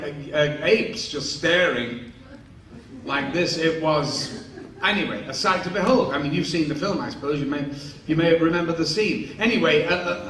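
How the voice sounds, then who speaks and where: The voice is on the high side and a bit bright, belonging to a man in his sixties who tells rambling, good-humored stories at a live convention Q&A, acting out what people said. He's in a large convention hall. The mic is distant, and the recording has echo and faint noise.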